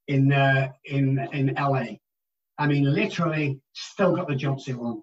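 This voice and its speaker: A man with an English accent, a guest in an interview, telling stories and stressing key words. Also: mid-range voice. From England. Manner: animated storyteller who stresses key words. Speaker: guest, addiction recovery specialist. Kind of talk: storytelling interview answers. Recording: distant, muffled, roomy remote audio.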